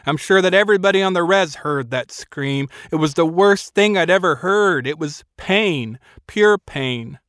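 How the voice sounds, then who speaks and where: A man's voice: sits high, a little slow, hardly any pauses, a bit bright, no echo, clean studio sound. A man narrating a first-person audiobook in a wry, self-mocking storytelling manner.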